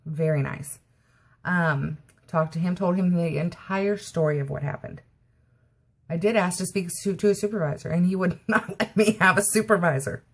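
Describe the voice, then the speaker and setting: A woman's voice: fairly low pitch, moderate pace, husky. A woman vlogger telling an indignant story-time rant and constantly quoting what she said.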